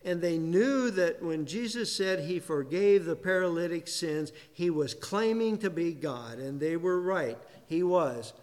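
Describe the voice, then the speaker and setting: A man's voice: a little high, a little slow, hardly any pauses, darkish tone. Preaching man in a reverberant hall. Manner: asks the congregation questions and answers them himself; stresses single words. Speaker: pastor. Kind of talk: sermon. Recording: long reverb of a large hall.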